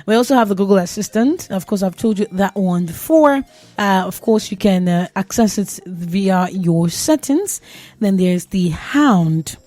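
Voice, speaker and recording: A young woman hosts a radio tech show in a chatty, joking tone, often laughing at herself. Her voice sits at an ordinary pitch for a woman. The sound is dry and close, with no room around it. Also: expressive, unhurried, warm tone, no room sound, soft background music. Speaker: radio host. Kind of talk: casual tech talk on radio.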